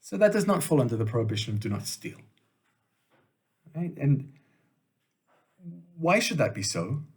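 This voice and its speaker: A man, a rabbi, giving an informal Torah lesson, emphatic and animated, with fillers and pauses. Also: mid-range voice. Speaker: rabbi teaching a class.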